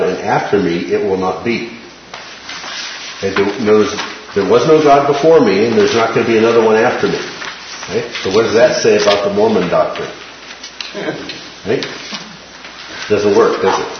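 A man teaching a Bible study class. He explains verses and keeps checking in with his listeners by asking "right?" and "okay?". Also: lowish voice. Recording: very echoey, dull room sound with faint hiss.

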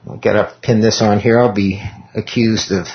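A man's voice: on the low side, fairly even intonation, moderate pace. A man teaching an informal Bible class in a meeting room, talking casually and reading scripture aloud with self-deprecating asides. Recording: dull lo-fi recording.

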